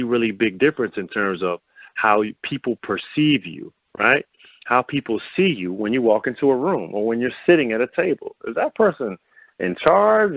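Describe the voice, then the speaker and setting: Male call host with a mid-range voice, upbeat and quizzing his audience with rhetorical questions; lo-fi, dry call audio. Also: no room sound. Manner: upbeat coaching tone, asks listeners many rhetorical questions; lively pitch swings to show vocal variety. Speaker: host of a confidence coaching call. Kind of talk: motivational teleconference talk.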